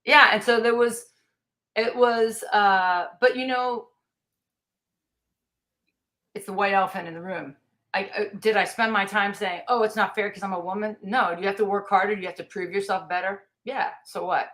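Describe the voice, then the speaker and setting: A woman's voice: mid-range voice, moderate pace. A middle-aged American woman, a taekwondo master and podcast guest, telling stories with energy and acting out the lines of people she quotes. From United States. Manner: lively storyteller, acts out quoted lines. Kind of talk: storytelling in a podcast interview.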